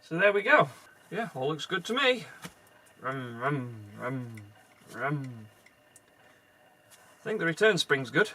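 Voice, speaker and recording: A man's voice: high-pitched, big pitch swings, brisk, pushed and bright, husky. A man restoring a car, chatting and muttering to himself as he works, self-deprecating and casual. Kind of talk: casual narration while working on a car.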